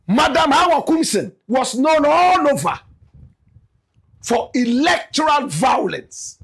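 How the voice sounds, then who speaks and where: A man with a Ghanaian accent giving animated political commentary. He is emphatic, often addresses listeners as "my brother, my sister" and bursts into shouts. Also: very high-pitched, slow pace, vocal fry.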